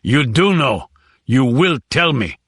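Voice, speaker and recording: A man's voice: medium pitch, sing-song, slow, a bit bright, breathy edge, no echo, studio quality, full character voice. A man voicing a huge, grieving, vengeful villager with a strained, intense voice in an audiobook. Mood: grim resolve. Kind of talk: audiobook character voice.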